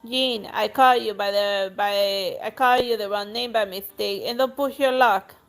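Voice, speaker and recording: A woman's voice: medium pitch, steady tone, a little slow, a bit bright, soft background music. A woman reading out the lines of a lazy, sarcastic aristocratic husband in a game. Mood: dismissive. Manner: sarcastic, dismissive. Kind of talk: reading game dialogue aloud.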